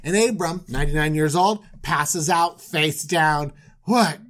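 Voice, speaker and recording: A man co-hosting a podcast, retelling Bible stories in a jokey, animated way. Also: unhurried. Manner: animated, jokey, swooping pitch. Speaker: podcast co-host.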